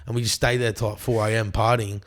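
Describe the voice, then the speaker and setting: A man's voice: fairly low pitch, flat delivery, quick pace. A young Australian man on a podcast, telling a rowdy tour story in casual chat, swearing freely and acting out what people said. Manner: swears a lot, acts out quotes. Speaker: guest.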